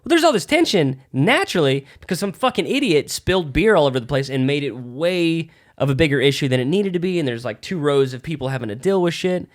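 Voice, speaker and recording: A young man co-hosting a casual chat about stand-up comedy, telling animated stories and swearing freely. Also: a little high, fast, hardly any pauses. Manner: animated storyteller, swears a lot. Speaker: podcast co-host, aspiring comedian.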